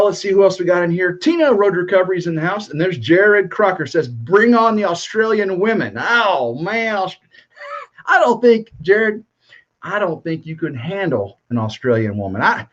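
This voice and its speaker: A man hosting a live stream, upbeat and welcoming as he greets viewers by name. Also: a little high. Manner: upbeat, welcoming, reads out names and comments. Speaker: livestream host. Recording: dull lo-fi stream audio.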